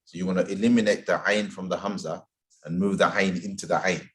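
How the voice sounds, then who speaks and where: A man with a fairly low voice runs an informal Quran pronunciation lesson. He is patient and repeats sounds slowly to demonstrate them. He speaks in a casual classroom tone. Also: steady tone. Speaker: tajweed teacher. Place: community centre classroom.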